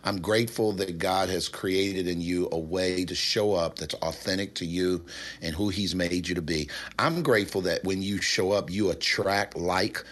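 A man's voice: deep voice, normal speed, fairly bright tone. A man hosting an interview, speaking with effusive, heartfelt praise for his guest. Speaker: host. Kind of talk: conversational interview.

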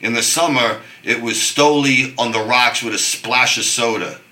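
A middle-aged man telling stories in casual chat, animated, swearing and restarting his sentences. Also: medium pitch, normal speed, echoey room, low-quality recording. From New York. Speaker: guest.

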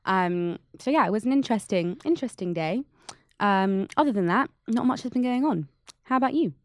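A woman's voice: mid-range voice, animated, a little fast, no room sound, studio quality. A woman co-hosting a podcast in casual chat, talking in a thoughtful, hedging way with many fillers. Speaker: podcast co-host.

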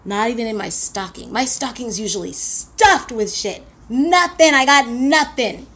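A woman tells a personal story, blunt and animated, dropping curses and acting out what people said. Her pitch sits a little above the usual for a woman. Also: a little slow, slightly rough. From Queens, New York. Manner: animated, blunt, swears, acts out quotes.

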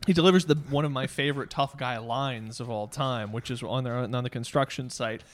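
A man's voice: mid-range voice, fairly quick. A man talking casually and enthusiastically about a movie with friends, with many fillers and restarts. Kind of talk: casual film discussion.

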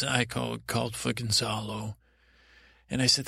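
Gravelly, halting man telling a bedtime story. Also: medium pitch, flat delivery, pushed and bright, dry recording, clean studio sound. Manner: meandering, halting, full of restarts. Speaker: podcast host. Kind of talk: rambling bedtime story narration.

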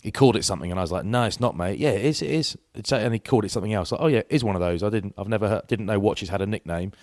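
A man's voice: lowish voice, rapid-fire, darkish tone, dry recording, studio quality. A middle-aged man in casual chat, telling anecdotes that ramble and restart. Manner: rambling anecdotes with self-interruptions. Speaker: podcast co-host.

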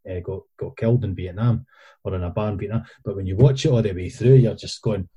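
A man's voice: lowish voice, fast talker, mellow, breathy edge, muffled recording. A Scottish man telling rambling stories in casual chat, with frequent restarts.

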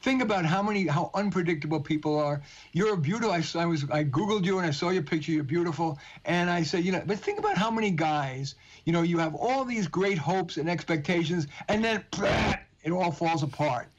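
A man's voice: high-pitched, a little fast. A man with a New York and Californian accent, a guest author and career coach speaking on a phone line, joking at times and then earnest and explanatory. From United States. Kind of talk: phone interview.

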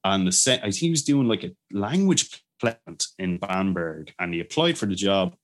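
Male interview guest with a lowish voice, keen storyteller, rambling and animated. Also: normal speed. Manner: enthusiastic storyteller, many fillers and restarts, animated quoted voices. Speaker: brewery owner, guest. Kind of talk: casual interview chat.

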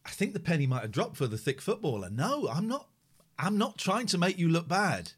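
A man streaming live, reacting to a clip of himself with mocking commentary and hushed asides. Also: fairly high pitch, moderate pace, breathy edge. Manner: animated and mocking, drops to a hushed inner voice.

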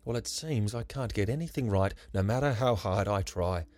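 A man voicing a weary, guarded grown man with a gruff way of talking in a rhyming story. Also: fairly low pitch, normal speed, a little mellow, dry recording, faint music behind, lightly acted.

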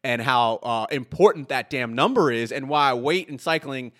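A man's voice: medium pitch, normal speed, fairly bright tone. A man hosting a podcast in casual chat, telling stories animatedly and swearing freely. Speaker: podcast host.

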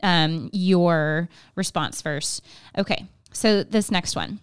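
A woman hosting a podcast leads a game break, explaining the rules clearly and cheering the players on. Her voice is smooth and resonant, recorded close and dry. She pitches slightly low. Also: slow, no echo. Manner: organized, encouraging, explains clearly. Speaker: podcast host.

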